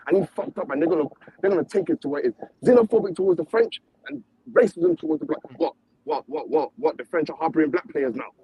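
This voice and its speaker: Heated guy on a stream panel, talks fast, high and all over the place. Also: big pitch swings, gravelly, mellow, slightly rough, no room sound, rough recording. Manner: impassioned, repetitive, confrontational. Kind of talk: heated debate.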